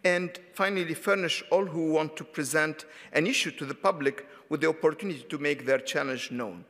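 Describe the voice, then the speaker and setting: A man's voice: fairly high pitch, a little fast, a bit bright. A man from Tunisia moderating an academic panel, hesitant, with many fillers and restarts. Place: conference hall. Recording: reverberant conference hall.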